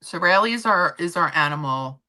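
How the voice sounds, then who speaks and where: Low-voiced chatty woman streamer. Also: lively intonation, a little fast, pushed and bright. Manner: chatty, rambling, reads and answers chat comments. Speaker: livestream host. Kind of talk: casual chat with viewers.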